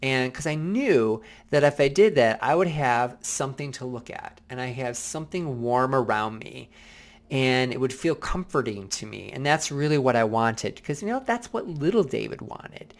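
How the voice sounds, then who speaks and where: A man's voice: mid-range voice, expressive, moderate pace. A man hosting a personal self-help vlog, talking in an earnest, reflective way with many fillers. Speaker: vlog host.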